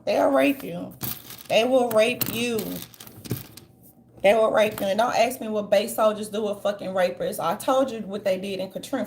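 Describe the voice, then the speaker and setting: Blunt high-pitched woman ranting. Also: slight background noise. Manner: blunt, profane, mocking quoted voices. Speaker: commentary channel host. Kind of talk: casual opinion monologue.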